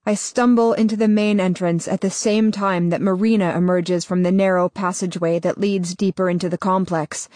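Woman, audiobook narration, lowish voice, measured, dry close mic. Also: steady tone, a little mellow, no echo. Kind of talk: first-person audiobook narration.

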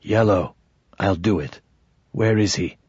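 A man voicing a hulking thug who talks curtly and with contempt, in a low, husky voice. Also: a little slow, darkish tone, no room sound, dull audio. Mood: contemptuous. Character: hulking thug man, cold and ready to kill.

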